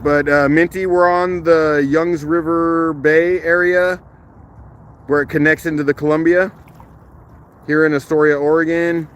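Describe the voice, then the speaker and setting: A man hosting a casual live stream outdoors on a rocky shoreline, chatting, greeting viewers by name and laughing easily, recorded on a phone held in one hand, his voice a little rough from the morning. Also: fairly high pitch, level tone, unhurried, a little hiss or hum. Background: faint outdoor waterside ambience.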